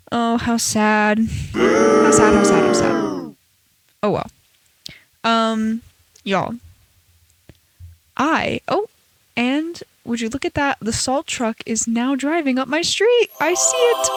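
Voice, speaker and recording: A woman's voice: a little high, gravelly. A young American woman in her early twenties, hosting her own podcast, chatting in a rambling way with lots of fillers and playful acted-out quotes. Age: around 20. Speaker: podcast host, college student. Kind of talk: casual solo podcast chat. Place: bedroom at home.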